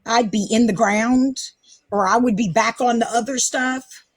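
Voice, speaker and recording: A woman's voice: on the high side, steady tone, unhurried, breathy edge, no echo. A woman hosting a casual live stream, ranting defensively and sarcastically, swearing often. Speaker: livestream host.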